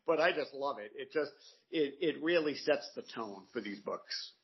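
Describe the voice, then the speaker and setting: A man's voice: mid-range voice, expressive, normal speed, dull audio. A man co-hosting a comics podcast in casual chat, describing pages enthusiastically with many fillers.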